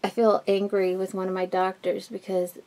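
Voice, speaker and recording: A woman vlogger with a husky, smoky voice, chatting candidly at home while doing her makeup, rambling with many fillers and restarts. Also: medium pitch, little pitch movement, moderate pace, darkish tone. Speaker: beauty vlogger. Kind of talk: casual get-ready-with-me chat.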